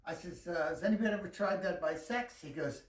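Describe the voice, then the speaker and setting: A man telling a profane, animated story full of quoted dialogue in a casual chat with a friend. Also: sits high, a little fast, roomy sound, far from the mic, rough recording. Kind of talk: casual anecdote told to a friend.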